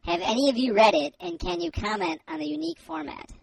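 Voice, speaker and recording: Squeaky puppet, gravelly, heard from far off the mic. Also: male voice, animated, fast talker, dry recording, exaggerated voice. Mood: earnest. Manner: high-pitched put-on puppet voice. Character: squeaky gravelly male puppet reading fan mail.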